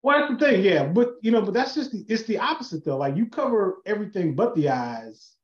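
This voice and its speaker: A man with a very high voice joking bluntly and swearing freely in casual podcast chat. The sound is echoey and dull, like a lo-fi recording in a bare room. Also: very animated, fairly quick. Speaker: podcast co-host.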